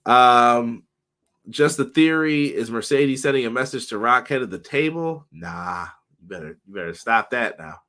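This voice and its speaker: A man hosting a casual wrestling podcast livestream, upbeat and greeting viewers by name, his voice slightly hoarse. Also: medium pitch, expressive, normal speed, bright, forceful tone. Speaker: podcast host.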